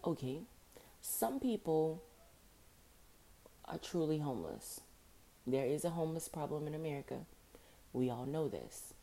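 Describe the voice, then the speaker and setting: Deep, dark-voiced woman podcast host. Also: sing-song, unhurried, long pauses. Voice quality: morning voice, a little rough. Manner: chatty, informal, repeats phrases for emphasis. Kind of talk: casual solo podcast monologue.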